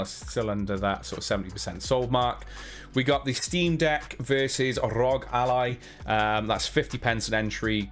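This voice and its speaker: A man's voice: medium pitch, fairly bright tone. A young man hosting a live stream, chatting casually with viewers in a rambling way, now and then humming little sounds. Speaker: livestream host.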